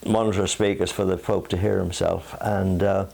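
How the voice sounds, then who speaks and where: Older man, low voice, gravelly, rambling storyteller, casual chat at home. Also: flat delivery, normal speed, a little mellow. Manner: rambling storyteller, chuckles, mimics voices in jokes. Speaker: singer and show host. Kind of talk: casual anecdote between old bandmates. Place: living room of a home.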